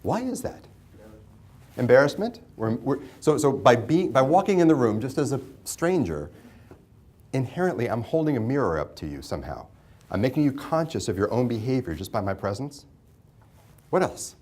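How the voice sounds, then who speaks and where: In this interactive lecture, a male mediation instructor chats with his class, asking questions and echoing their responses. He speaks at a moderate pace in a mid-range, darkish voice that is very animated.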